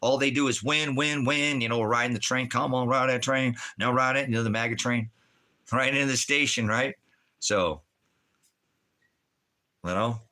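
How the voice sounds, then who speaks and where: A man's voice: mid-range voice, steady tone, normal speed, pauses often, bright, forceful tone. A man hosting a livestream from Oregon, ranting angrily and swearing at chat viewers. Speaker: livestream host reading chat. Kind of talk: profane ranting livestream talk.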